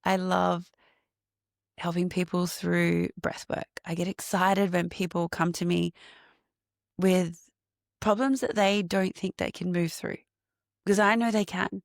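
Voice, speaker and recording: A woman hosting her own podcast, reflecting on healing and breathwork, laughing often and slowing into a guided meditation. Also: lowish voice, flat delivery, creaky, no room sound, studio quality. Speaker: podcast host and breathwork coach.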